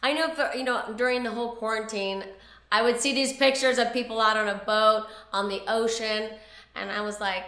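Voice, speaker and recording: A woman on a reality show aftershow, chatting casually in a playful, animated way. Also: mid-range voice, moderate pace. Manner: animated, playful, talks over others. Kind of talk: casual chat. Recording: roomy echo.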